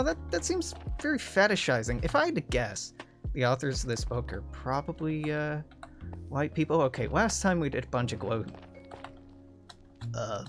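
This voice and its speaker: A man's voice: medium pitch, sing-song, a little slow, vocal fry. A young man hosting a gaming video, chatting casually in a sardonic, profane, rambling way over background music. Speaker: gaming channel host.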